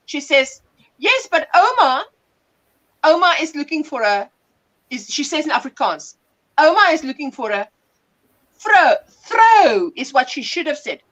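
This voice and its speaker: A woman with a South African accent hosting a casual livestream chat, telling stories with animated bursts of laughter. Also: high-pitched, rough recording. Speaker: livestream host.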